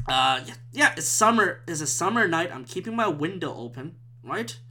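Bright-voiced man ranting on a podcast. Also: a little high, lively intonation, normal speed, few pauses. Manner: agitated, profane, swings between loud outbursts and muttered whispers. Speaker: podcast host and stand-up comedian. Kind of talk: rambling solo podcast rant. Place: room at home with a window.

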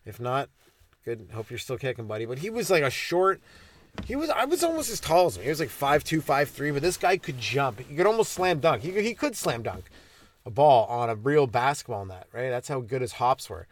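A man's voice: mid-range voice, sing-song, fairly quick. A man from Ontario, hosting a comedy podcast in a rambling, crude, ironic monologue that keeps interrupting itself. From Ontario, Canada.

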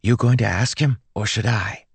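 A man's voice: lowish voice, normal speed, vocal fry, slightly rough, no room sound, pitched above the performer's own voice, exaggerated voice. A man reading an audiobook, voicing a pushy, eager teenage schoolgirl in a lifted, lighter voice. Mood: urging.

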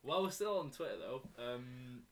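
A man's voice: medium pitch, expressive, a loud crowd. A man co-hosting a casual podcast, chatty and full of "like". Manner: quick, chatty, says "like" a lot. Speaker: podcast co-host. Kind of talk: casual banter.

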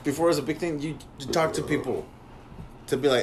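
Blunt, argumentative man with a slightly high voice; faint background noise. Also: fast, rough recording. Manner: blunt, argumentative, swears a lot. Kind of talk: casual chat.

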